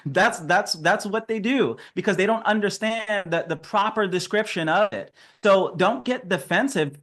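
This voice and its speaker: A man's voice: sits high, fairly bright tone. A man giving a casual, upbeat sales training talk on a video call, chatty and laughing often.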